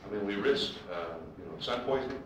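A man tells baseball anecdotes to a live audience, and his pitch rises and falls a lot. He is picked up from a distance in a very echoey hall. A steady hiss and the audience's laughter sit behind him. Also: brisk. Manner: animated anecdotes, acting out quotes. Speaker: baseball broadcaster. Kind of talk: storytelling speech to an audience.

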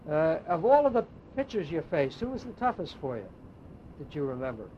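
A man's voice: a little high, very animated, brisk, mellow. Male interviewer on old lo-fi tape. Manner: frequent agreeing interjections. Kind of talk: oral history interview. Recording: dull lo-fi tape with faint hiss.

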